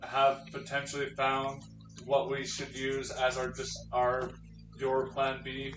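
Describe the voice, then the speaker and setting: A man's voice: mid-range voice, completely flat delivery, takes it slowly, close to an everyday voice. A man voicing a scheming android soldier, in an echoey room. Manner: casual scheming aside to a crewmate. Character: male android soldier, plotting and matter-of-fact. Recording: roomy, distant mic with faint noise.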